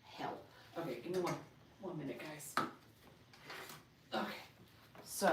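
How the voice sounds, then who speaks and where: A woman artist talking viewers through a marker drawing on a casual livestream, unhurried and encouraging, often muttering asides under her breath. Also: sits low, a little hiss or hum. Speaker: comic artist streaming a marker demo. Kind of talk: casual livestream art tutorial.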